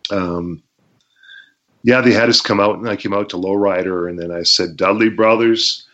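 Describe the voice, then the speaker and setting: Man, deep and low, relaxed raconteur with fillers; muffled lo-fi recording. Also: moderate pace. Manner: laid-back, laughs while telling stories, many fillers. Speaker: former pro wrestler, guest. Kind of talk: casual interview storytelling. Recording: muffled lo-fi audio.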